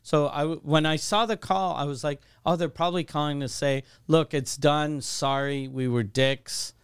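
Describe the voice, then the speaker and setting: Smooth, slightly high man from canada, swearing co-host telling a story. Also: moderate pace, no echo, studio quality. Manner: profane, animated storytelling, acts out quoted calls. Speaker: podcast co-host. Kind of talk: casual chat, storytelling.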